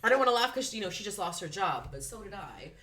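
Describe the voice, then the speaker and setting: A young drag performer chatting casually as a guest, telling stories full of "like" and animated impressions. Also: female voice, medium pitch, quick pace. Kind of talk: casual chat. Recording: echoey room, voice somewhat off-mic.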